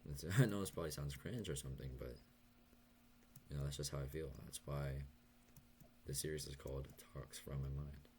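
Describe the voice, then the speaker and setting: Young man, extremely deep voice, soft hesitant stuttering talk, confessional vlog, faint keyboard clicks behind. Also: a little fast, slight background noise. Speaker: vlogger. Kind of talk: confessional late-night vlog over gameplay.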